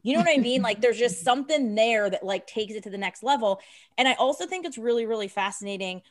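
A woman co-hosting a podcast, asking the guests long, rambling questions in a casual chat. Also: medium pitch. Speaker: podcast co-host.

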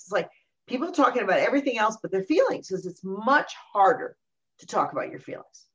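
A middle-aged woman talking about parenting in a casual conversation, animated and often acting out what other people say. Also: medium pitch, a little fast. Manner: animated, acts out quoted voices. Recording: dull lo-fi recording.

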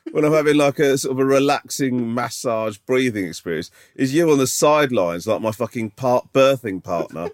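A man's voice: mid-range voice, normal speed, few pauses. A man co-hosting a podcast, teasing his friend in dry, sarcastic casual chat. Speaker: podcast co-host.

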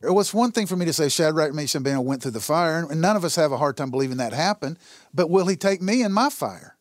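A man's voice: a little high, expressive, fast talker, no echo, studio quality. A man sharing a personal testimony in an earnest storytelling way, acting out the dialogue in his stories. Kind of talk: conversational testimony.

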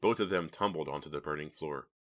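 A man narrating a horror novel as an audiobook reader, in steady, dramatic storytelling. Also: extremely low pitch, fast. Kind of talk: scripted narration.

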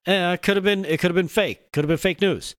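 A man hosting a casual political talk show, talking in halting starts with many restarts. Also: high-pitched, fairly bright tone, dry recording, clean studio sound.

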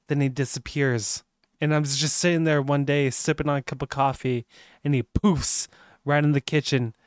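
A man's voice: a little high, dry recording, studio quality. A man co-hosting a casual podcast, telling rambling, profane stories and laughing a lot. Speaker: podcast co-host. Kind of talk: casual chat.

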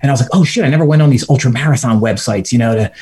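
A man's voice: mid-range voice, rapid-fire, a little hiss or hum. A man guesting on a podcast, telling a casual story with lots of fillers, laughing as he goes and acting out what he and others said. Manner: animated, laughs mid-story, acts out his own quotes.

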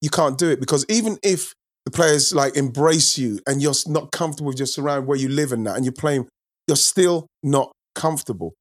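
Guy chatting football on a podcast, mid pitch, gets worked up and repeats himself, dry close mic. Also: fairly quick, dry recording. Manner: animated, repeats himself, trails off. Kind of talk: casual chat.

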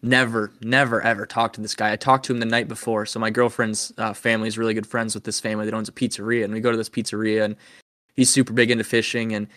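A man's voice: lowish voice, quick pace, no echo, studio quality. A young man hosting a podcast, telling a story in casual chat and acting out the quotes. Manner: animated storyteller, acts out quotes. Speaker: podcast host.

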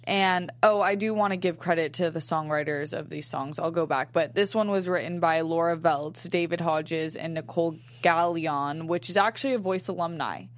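A woman's voice: lowish voice, moderate pace, few pauses. A young adult woman co-hosting a casual review podcast, chatty and upbeat, with plenty of fillers. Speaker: podcast co-host.

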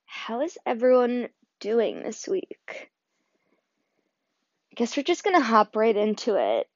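A woman's voice: a little high, wildly swooping pitch, slow, no room sound. A young woman hosting a solo podcast, talking casually with many fillers and getting choked up at times. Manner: emotional, choked up. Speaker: podcast host. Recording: dull dry audio.

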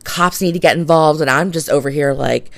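Chatty woman with a gravelly, dry voice. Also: low-pitched, brisk, no room sound. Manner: chatty, filler-heavy, laughs while telling a story. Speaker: podcast host; realtor. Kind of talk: casual storytelling monologue.

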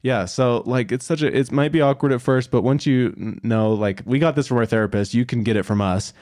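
A man's voice: medium pitch, fairly quick, darkish tone, dry recording, studio quality. A young man co-hosting a casual advice chat, earnest and encouraging, with many "like" and "you know" fillers. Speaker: podcast co-host.

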